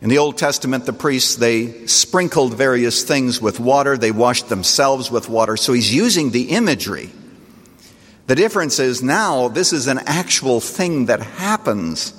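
A man preaching a sermon as pastor, speaking earnestly and letting his voice swell on key phrases, then drop low and soft. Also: very animated, measured pace, long reverb tail.

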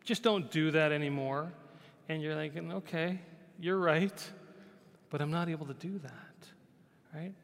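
A man's voice: fairly high pitch, measured pace, creaky, long pauses. Man preaching in a reverberant hall. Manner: conversational, repeats phrases, often asks "right?". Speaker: pastor. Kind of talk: sermon.

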